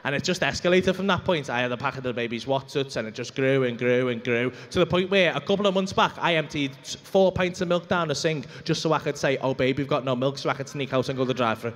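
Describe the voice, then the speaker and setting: A young man with a Liverpool accent telling a rambling, swearing, animated story as a stand-up comedian on a club stage. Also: medium pitch, quick pace, hardly any pauses. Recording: reverberant comedy club hall.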